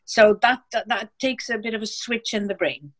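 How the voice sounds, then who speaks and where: A woman whose first language is Dutch, a former translator, speaking as a guest in a casual interview in a thoughtful, measured way with small hesitations. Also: on the high side, fairly bright tone. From Netherlands.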